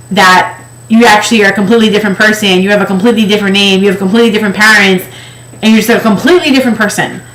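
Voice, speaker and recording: A woman's voice: medium pitch, fairly bright tone. A woman candidly telling an emotional personal story about her past. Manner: candid, emotional, acts out quoted voices. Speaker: weight-loss project participant. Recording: echoey room.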